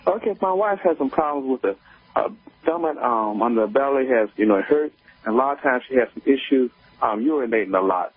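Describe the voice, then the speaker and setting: Husky man on a tinny phone line. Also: mid-range voice, animated, no room sound. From North Carolina. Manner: halting, spells out words. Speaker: caller. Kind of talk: phone-in conversation.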